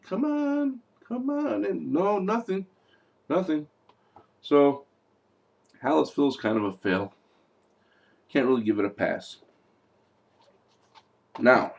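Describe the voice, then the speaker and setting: A young man giving a casual, mocking movie review, talking loosely and acting out lines. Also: medium pitch.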